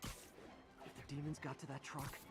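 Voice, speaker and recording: A man's voice: mid-range voice, completely flat delivery, unhurried, vocal fry. An actor voicing a wisecracking young male superhero in a video game, quippy and taunting between fights. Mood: worried. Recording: game audio under loud music.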